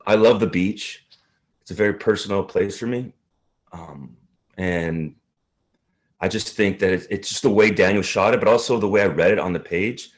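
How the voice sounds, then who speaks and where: A male actor being interviewed, speaking earnestly and haltingly. He tends to get emotional as he talks. His voice sits fairly low.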